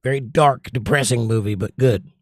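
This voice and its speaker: A Southern American man chats casually on a livestream, reading out viewer comments and answering them with confident, opinionated takes. His voice sits at an ordinary middle pitch. The sound is dry and close, with no room echo. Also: moderate pace. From Southern United States. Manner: opinionated, chatty, recommends movies with strong takes. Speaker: livestream host.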